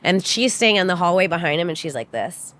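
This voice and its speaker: A young woman on a podcast, casually telling a story in an animated way and acting out the quotes with big jumps in pitch. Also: a little fast. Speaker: podcast guest, comedian.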